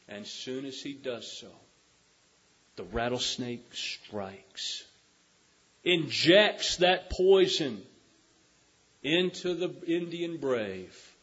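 A man's voice: fairly high pitch, slightly rough. A man preaching a sermon, telling a story and then making earnest, urgent appeals to his listeners. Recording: dull lo-fi recording.

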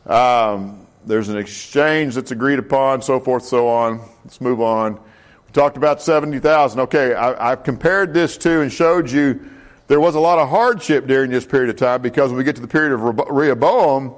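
A man leads a Bible study lesson in a loose, talky manner. He stops to correct himself, fills pauses and asks the class questions as he goes. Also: mid-range voice. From United States. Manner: conversational, many fillers and self-corrections, asks the class questions. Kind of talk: casual Bible class lecture.

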